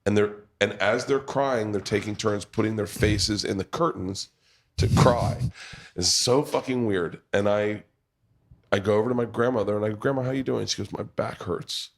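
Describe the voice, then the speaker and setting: A man's voice: fairly low pitch, normal speed. A man, hosting a podcast and telling a family story in a loose, laughing way with crude asides, recorded in a pub. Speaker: podcast host. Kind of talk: storytelling in casual chat.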